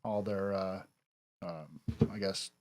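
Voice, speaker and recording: A man, a gym owner and trainer, chatting casually on a podcast with an American accent, often pausing on fillers and restarting. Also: deep voice, steady tone, darkish tone. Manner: easygoing, many "uh" fillers and restarts.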